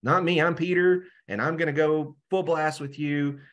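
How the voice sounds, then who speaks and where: A man's voice: fairly high pitch, steady tone, normal speed, a bit bright, pitched above the performer's own voice, natural voice. An impulsive, passionate grown disciple, as a teacher puts him on, protesting with an emphatic, insistent push. His voice climbs above the teacher's usual speaking voice when he declares his loyalty. It is heard over a video call.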